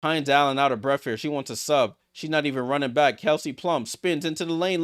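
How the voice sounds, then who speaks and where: A man hosting a live watchalong stream, calling basketball play-by-play and reacting excitedly to each play. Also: fairly high pitch, a little fast, hardly any pauses, clear, resonant tone. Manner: excitable, rattles off passes, reacts aloud. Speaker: watchalong host.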